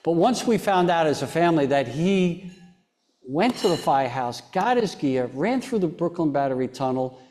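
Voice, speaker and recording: A man, a foundation chairman interviewed on stage, telling a personal story in an earnest, halting way, often restarting and sometimes dropping very quiet. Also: fairly high pitch, lively intonation.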